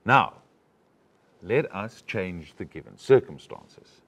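A male acting coach leads a lesson, walking a student through each point. His voice sits very low yet moves with lively, animated swings in pitch. He sounds patient and instructive. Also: slow, slightly rough. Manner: instructive, explains step by step.

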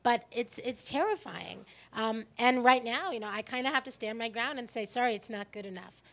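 A woman's voice: a little high, expressive, fairly quick, vocal fry, a bit bright. A woman documentary filmmaker speaking candidly on a festival panel, with many restarts. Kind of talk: panel discussion.

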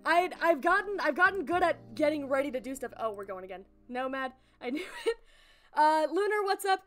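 Excitable high-voiced woman streamer. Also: a little fast, soft background music. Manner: excitable, laughs often, talks to chat. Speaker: game streamer. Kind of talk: excitable live-stream chat.

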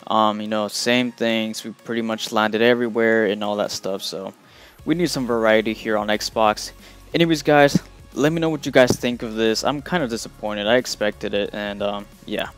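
A man's voice: on the low side, normal speed, clean tone, soft background music. Young man rambling about game news. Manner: loose and rambling, many fillers. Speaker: gaming video host. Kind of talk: casual gaming news vlog.

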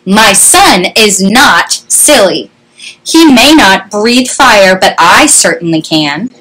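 A woman's voice: medium pitch, lively intonation, slow pace, bright, forceful tone, exaggerated voice, low-quality recording. A woman voicing a proud, hot-tempered father dragon in a children's storybook, speaking firmly.

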